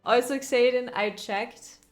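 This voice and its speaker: A woman's voice: on the high side, steady tone, takes it slowly, faint music behind. A woman streaming a video game, chatting casually and playfully with her viewers and laughing often. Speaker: gaming streamer. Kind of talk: casual live-stream commentary over gameplay.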